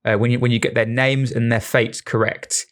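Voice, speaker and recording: Enthusiastic halting man explaining a game. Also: mid-range voice, flat delivery. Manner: enthusiastic, halting, many restarts and fillers, laughs often. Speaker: podcast co-host, game developer. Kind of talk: casual chat.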